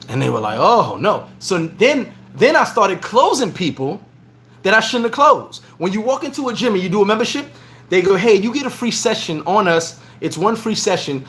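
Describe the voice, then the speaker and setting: High-voiced man telling stories. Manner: animated, repeats words while telling stories. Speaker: vlogger. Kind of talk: casual storytelling monologue.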